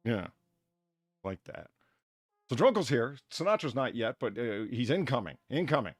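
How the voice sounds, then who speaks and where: Excitable, profane man, gravelly and husky. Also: medium pitch, normal speed, no room sound, studio quality. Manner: profane, excitable, laughs a lot. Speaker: podcast host. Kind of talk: casual chat.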